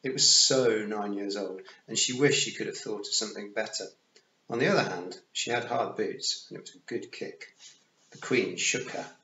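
A man reading a novel aloud in an expressive, lively storybook narration. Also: fairly low pitch, normal speed. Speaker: audiobook reader. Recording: roomy, dull home recording.

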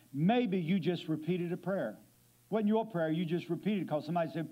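A guest preacher with a high voice gives a slightly fast, emphatic sermon in a church sanctuary, full of questions for the congregation. The recording is dull and lo-fi, typical of church audio.

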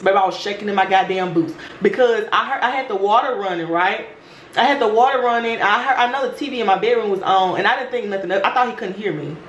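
A woman vlogger telling a story in a brash, profane, animated way. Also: medium pitch, fast, lo-fi sound. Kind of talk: storytime chat. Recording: roomy room with faint noise.

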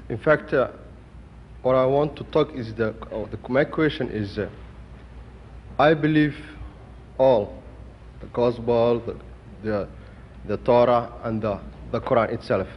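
A man's voice: medium pitch, a little hiss or hum. A man in the audience asking a question, hesitant, stopping and restarting often. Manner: hesitant, many fillers and restarts. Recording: dull lo-fi hall with long reverb.

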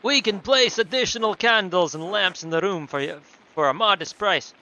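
A man doing a booming mock New York innkeeper. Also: sharp tone, lo-fi sound, a little hiss or hum. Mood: hearty. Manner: booming, drawn-out, over-the-top. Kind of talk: reading game dialogue aloud.

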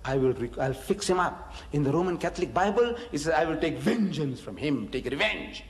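A man giving a religious lecture on scripture, animated and teasing, repeating phrases for emphasis and joking with the audience. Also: fairly high pitch, brisk. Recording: echoey hall reverb.

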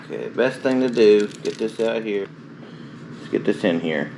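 A man's voice: fairly low pitch, lively intonation, moderate pace, noisy background. A man chatting casually to himself and viewers as he cooks. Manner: chatty, rambling, self-talk while cooking. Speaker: cooking ASMR host. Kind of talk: casual cooking chat.

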